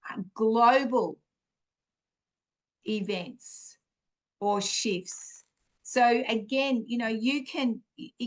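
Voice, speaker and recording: Slow, earnest woman giving spiritual teaching. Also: on the high side. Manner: earnest, encouraging, with many fillers and restarts. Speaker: podcast host.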